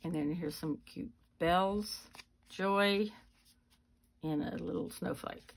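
Woman, craft vlog host, casual show-and-tell, lowish voice, slow pace. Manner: chatty, unhurried walk-through. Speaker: card-making channel host.

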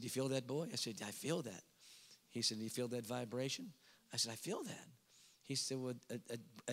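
A middle-aged evangelist preaching a revival sermon, telling animated stories and bursting into squeaky voices for the people in them. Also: male voice. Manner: animated storytelling, jumping to squeaky quoted voices. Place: large church hall. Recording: long hall reverb.

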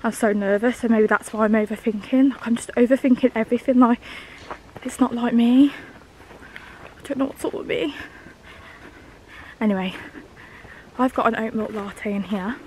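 A woman's voice: fairly high pitch, fairly even intonation, brisk, dark tone, a little hiss or hum, rough recording. A young woman, chatting casually to camera in a vlog while walking outdoors, a little out of breath and anxiously rambling. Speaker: vlogger. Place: outdoors walking through woods and hills.

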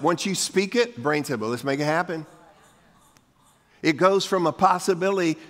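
Gravelly older pastor preaching. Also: male voice, fairly high pitch, a bit bright. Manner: folksy, preachy, coaxes the congregation to repeat lines. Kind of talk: sermon. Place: church sanctuary. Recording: long hall reverb from a church sanctuary.

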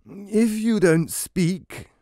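Man doing a growly stern judge, higher than his own voice, slow and heavy. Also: warm tone, no echo, studio quality. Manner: growling, threatening. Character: stern, gruff male judge.

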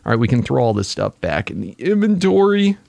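A man narrating his own game play as he goes, an excitable gamer who exclaims at the creatures he finds. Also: medium pitch, fairly quick, vocal fry. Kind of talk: casual gaming commentary.

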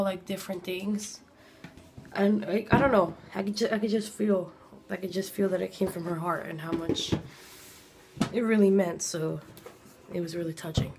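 Woman vlogger, gushing and chatty, mid pitch, at home with faint room noise. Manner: gushing, chatty, drops to soft whispers. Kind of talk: casual vlog chat. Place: home, indoors.

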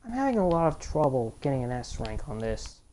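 A woman's voice: a bass voice, sing-song, brisk, mellow. A woman doing casual let's play commentary, grumbling at the game in exasperation, with sudden outbursts.

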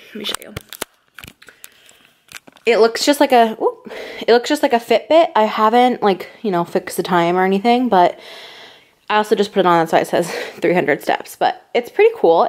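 A young woman vlogging to her camera at home at night, gushing and excitable, peppering her talk with "like". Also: fairly high pitch. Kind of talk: casual vlog talk to camera. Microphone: camera mic, handheld and tripod.

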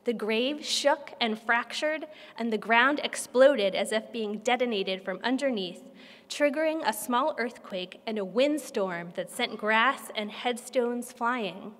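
A woman translator reads a novel aloud to an audience. Her reading is measured and expressive. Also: fairly high pitch. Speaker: literary translator. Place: conference room. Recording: long hall reverb.

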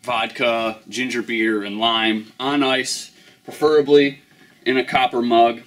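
Male host for a casual drink review, easygoing, mid-pitched, chatty with fillers. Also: little pitch movement, unhurried, fairly bright tone, a little hiss or hum. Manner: laid-back, rambling with fillers.

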